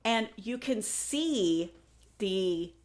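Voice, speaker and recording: A woman's voice: mid-range voice, expressive, extremely slow. A woman co-hosting a podcast, telling the story in a casual, chatty way, laughing and restarting her sentences. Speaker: podcast co-host presenting the story.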